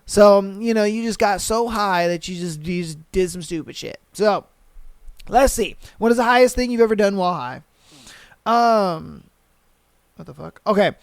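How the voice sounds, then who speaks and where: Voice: mid-range voice, moderate pace, no room sound. A podcast host chatting casually on a solo show, cursing freely, laughing often and reacting to listener posts.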